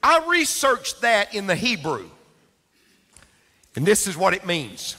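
An older male pastor delivers a sermon in a bright, fairly high voice that leaps and falls dramatically. He swings from hushed to booming at an unhurried pace. His voice rings through a church sanctuary with long reverb. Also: huge pitch swings.

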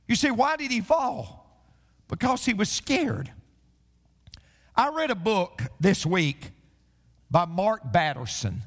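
High, lively-voiced preacher man. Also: long reverb tail. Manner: preaching with storytelling and repeated refrains. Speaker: pastor. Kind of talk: sermon.

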